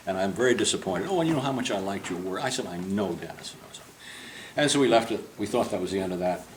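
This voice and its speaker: Over a very noisy background, a low, lively male voice talks fast. The speaker, an older portrait painter, is touring a group through a club interior while telling a long, humorous anecdote full of digressions and acting out quoted voices.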